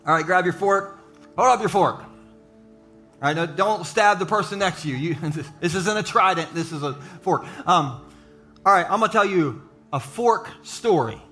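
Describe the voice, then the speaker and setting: A man preaching a sermon to a live church audience, mixing jokes and quick asides with his encouragement. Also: high voice, expressive, bright, forceful tone, faint music behind. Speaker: pastor.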